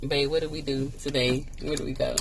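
Gravelly-voiced woman chatting in a car. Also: a bass voice, steady tone, brisk. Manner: playful, teasing. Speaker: vlog host. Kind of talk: casual chat. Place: inside a car. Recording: car road noise.

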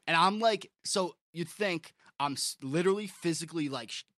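A young man tells an animated story on a podcast, cursing and restarting as he gets worked up. He is getting over the flu and sounds a little sweaty. His voice sits a bit high and is recorded close and dry. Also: dry recording. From Long Island. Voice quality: animated storyteller, swears often, quick restarts. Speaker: podcast co-host. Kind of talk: casual chat.

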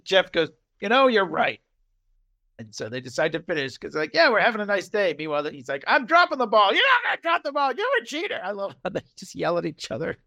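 Recapping a TV episode on a podcast, a male co-host with a high, gravelly voice talks a little fast and casually. He's animated, performing lines from scenes in loud voices that keep changing.

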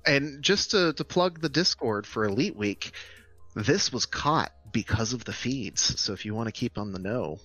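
A man's voice: medium pitch, animated, normal speed, pushed and bright, no echo, highs cut off, soft background music. A man co-hosting a casual podcast, enthusiastically explaining tools step by step. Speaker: podcast co-host presenting game news.

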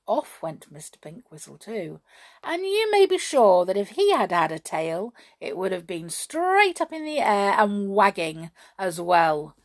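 Woman reading a children's story aloud, slow and animated, chatty asides. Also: mid-range voice.

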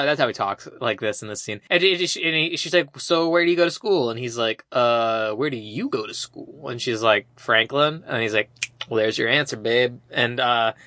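A man's voice: fairly high pitch, normal speed, dry recording. A man co-hosting a casual movie-recap podcast, retelling scenes and acting out the characters' lines. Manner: animated storyteller who acts out characters' lines. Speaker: podcast co-host.

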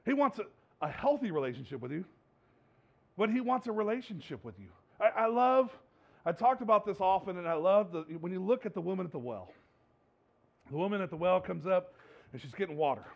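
Gravelly high-voiced male pastor preaching. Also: brisk. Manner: conversational, animated, repeats for emphasis. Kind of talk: sermon. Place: church. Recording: dull lo-fi recording.

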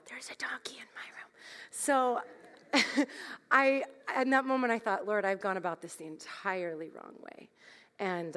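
A woman's voice: medium pitch, a bit bright. Candid woman preaching in a reverberant hall. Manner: candid, self-deprecating, laughs through her stories. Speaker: speaker at a church gathering. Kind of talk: storytelling sermon.

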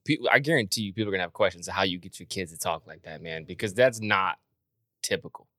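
A man's voice: low-pitched, fast talker, pushed and bright, no echo, studio quality. A man hosting a podcast interview in a casual, chummy way, laughing often and calling his guest "man" and "bro". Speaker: podcast host.

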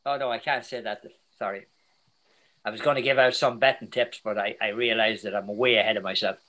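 Bright-voiced older Irish man. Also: fairly low pitch. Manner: chatty storyteller, animated, quick asides. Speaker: guest soccer commentator. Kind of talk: casual interview chat.

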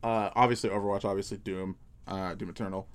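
A man's voice: low-pitched, level tone, quick pace, smooth. A man hosting a podcast in casual chat, swearing a lot and laughing often. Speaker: podcast host.

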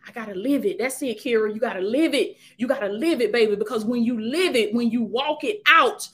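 A woman's voice: on the high side, a little fast, few pauses, fairly bright tone. A woman preaching a live-streamed sermon, urging listeners with repeated call-and-response phrases.

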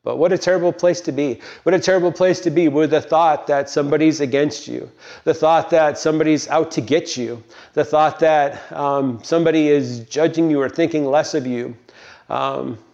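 An older man from Colorado gives a meandering, unhurried devotional talk and prayer, with frequent pauses. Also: fairly high pitch, steady tone, creaky, a little mellow. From Colorado, United States. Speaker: Christian speaker. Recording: dull, lo-fi recording.

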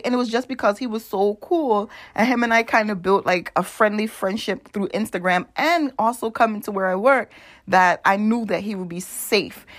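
A young woman vlogger telling a story in a chatty, animated way, full of asides and laughter. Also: medium pitch. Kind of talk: casual storytelling.

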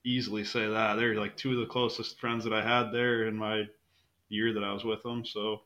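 A man's voice: lowish voice, level tone, normal speed, sharp tone, dull audio. A young man guesting on a casual podcast, a rambling storyteller who swears a lot.

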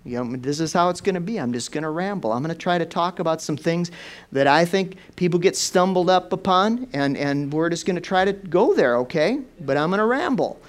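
Animated man preaching a rambling sermon. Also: a little fast. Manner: rambling, storytelling with frequent restarts; animated, rising in pitch and volume for emphasis. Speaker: pastor.

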